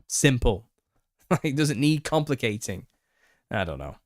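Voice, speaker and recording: A man hosting a live Q&A stream, opinionated and quick to get worked up, laughing as he rants. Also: medium pitch, very animated, no room sound, studio quality. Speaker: channel host. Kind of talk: live Q&A monologue.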